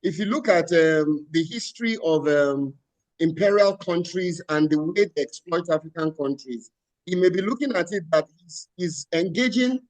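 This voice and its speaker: A man on a discussion panel. He speaks in a measured way and pauses on "um". His voice sits high for a man. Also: rough recording.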